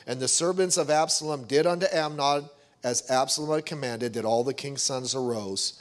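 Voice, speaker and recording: A man's voice: mid-range voice, normal speed. A middle-aged man preaching a sermon, reading scripture aloud and acting out quoted voices with animation. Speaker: pastor.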